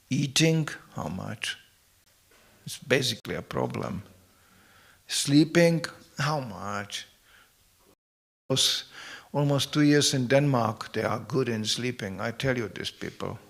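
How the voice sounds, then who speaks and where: Gravelly-voiced man giving a devotional talk. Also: mid-range voice. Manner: anecdotal, humorous, conversational. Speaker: lecturer. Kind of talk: devotional lecture.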